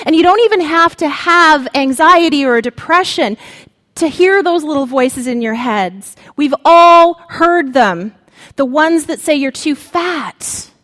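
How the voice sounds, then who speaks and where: A woman preacher giving a sermon, speaking slowly and dramatically with long pauses. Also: sits high, expressive, a bit bright, big-room sound.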